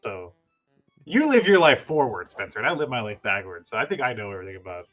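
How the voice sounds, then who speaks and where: Young dude cohosting, super lively voice, laughs a lot, faint music under it. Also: male voice, fairly low pitch, fast. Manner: giggly, rambling, frequent laughter. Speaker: podcast co-host. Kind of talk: casual banter while playing a game.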